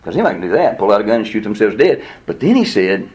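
A pastor with a fast, slightly rough male voice preaches a sermon conversationally. He's animated, acting out quotes with a rising pitch, laughing, and chatting with the listeners through asides.

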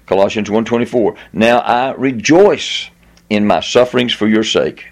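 A male pastor preaching a sermon, reading scripture aloud and leaning hard on key words, slowing down and lifting his voice for emphasis. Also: lowish voice. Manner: reads scripture aloud with stress on repeated words.

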